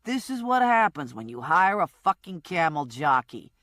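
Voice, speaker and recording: A woman voicing a crude, rude man with a gruff manner. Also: on the low side, very animated, moderate pace, fairly bright tone, dry recording, clean studio sound. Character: crude, rude male thug waiting in a car.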